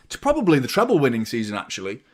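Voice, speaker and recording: A young man hosting a football watchalong stream, chatting casually, rambling and joking while reading out viewer shout-outs. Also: medium pitch, wildly swooping pitch, racing. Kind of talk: casual live-stream chat.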